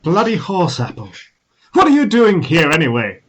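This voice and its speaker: A man's voice: on the high side, huge pitch swings, normal speed. A man playing an exasperated male war wizard who speaks scornfully and accusingly in a tabletop role-play.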